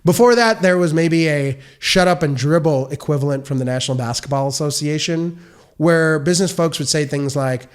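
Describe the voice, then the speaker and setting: A man, a software consultant, giving an earnest, explanatory advice monologue on a podcast and asking one question after another. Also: fairly high pitch, moderate pace, clean tone.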